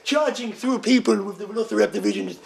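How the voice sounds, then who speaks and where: High gravelly man rambling comic story. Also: fast talker. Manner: excitable, profane, laughs through his own bits. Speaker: stand-up comedian.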